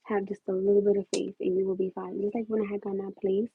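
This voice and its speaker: A young woman with a husky voice, chatty and heartfelt, telling personal stories on a casual livestream, laughing loudly at times. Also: mid-range voice, little pitch movement, quick pace, slight background noise. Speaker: livestream host. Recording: thin phone-like audio.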